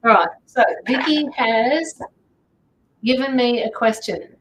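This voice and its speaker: A woman's voice: a little high, takes it slowly, a little hiss or hum, low-quality recording. An Australian woman hosting a tarot livestream, chatting casually and greeting viewers as she reads out their comments. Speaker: tarot reader and livestream host.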